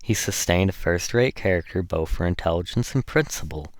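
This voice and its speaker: A male audiobook reader voicing a frank, earnest young gentleman in a plain, earnest delivery. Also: low voice, lively intonation, a little fast.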